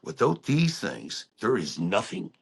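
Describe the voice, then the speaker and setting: A man telling stories about working on ships in a casual, animated way. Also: fairly low pitch, measured pace, gravelly, slightly rough. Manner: animated storyteller who acts out quotes. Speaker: guest, ship engineer. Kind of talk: casual storytelling chat.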